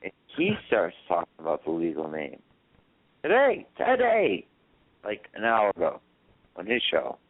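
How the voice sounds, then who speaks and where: A man's voice: low-pitched, normal speed, no echo. A man chatting on a radio show, telling long rambling stories full of fillers and restarts. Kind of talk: casual chat on a call-in radio show. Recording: dry phone-line audio.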